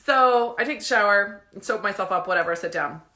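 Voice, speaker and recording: A woman from the United States telling a story in a casual, animated way, swearing freely and often breaking into laughter. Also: medium pitch, fairly quick. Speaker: business coach. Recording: echoey room.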